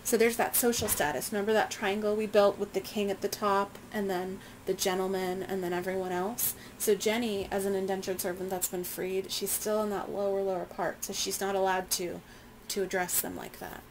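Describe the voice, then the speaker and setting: Teacher reads a chapter aloud to students; plain reading, casual asides, faint noise. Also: female voice, medium pitch, flat delivery, moderate pace, rough recording. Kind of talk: reading a novel aloud to a class.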